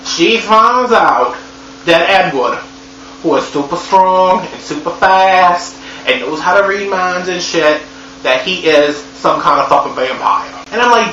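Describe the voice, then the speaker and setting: A man reviewing a movie in a sassy, profane, animated comedy recap. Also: high voice, unhurried. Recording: echoey room, dull lo-fi sound, faint hum.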